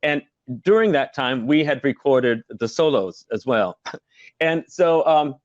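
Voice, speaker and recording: A man's voice: medium pitch, lively intonation, measured pace, no echo, muffled recording. A middle-aged man, a former musical performer, telling stories as an interview guest in a chatty way, laughing often and using many fillers. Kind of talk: casual video-call interview.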